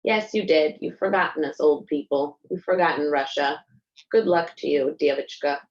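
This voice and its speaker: Stubborn elderly grandmother, read by a woman; low, reproachful, muffled recording. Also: moderate pace, lightly acted. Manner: reproachful, heavy with complaint. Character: stubborn elderly immigrant grandmother, gloomy and nostalgic.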